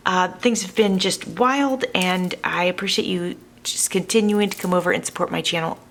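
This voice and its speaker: Crafting host, woman, low gravelly voice, chatty and thinking aloud, home studio. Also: moderate pace, hardly any pauses, a bit bright. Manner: chatty, thinks aloud while crafting, addresses viewers as friends. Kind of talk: casual crafting tutorial chat.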